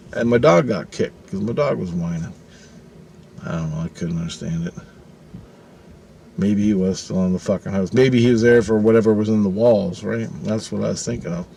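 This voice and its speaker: A man's voice: fairly low pitch, vocal fry, a little hiss or hum. A middle-aged man telling a personal story casually, swearing often and acting out the voices he quotes. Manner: profane, animated, acts out quoted voices.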